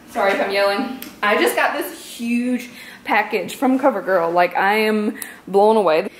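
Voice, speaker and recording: A woman vlogging casually into her phone, chatty and gushing with excitement. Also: mid-range voice, a little slow, slight background noise, low-quality recording. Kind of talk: casual vlog chat.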